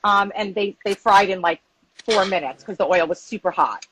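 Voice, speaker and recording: A woman's voice: mid-range voice, moderate pace, a little hiss or hum, rough recording. A woman from Long Island working as a guest chef, talking casually through a cooking demonstration with lots of "like" fillers. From Long Island, New York. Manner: chatty, relaxed, lots of "like" fillers. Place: home kitchen.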